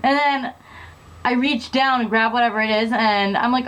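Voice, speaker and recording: Lively young woman chiming in. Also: on the high side, normal speed, muffled recording. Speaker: co-host, the collector's sister. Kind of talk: casual chat.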